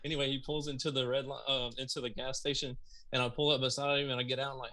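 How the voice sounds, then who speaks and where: A man from Mississippi with a Southern accent, a podcast guest telling stories in an animated, casual way over a video call. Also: mid-range voice, rapid-fire. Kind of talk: casual storytelling.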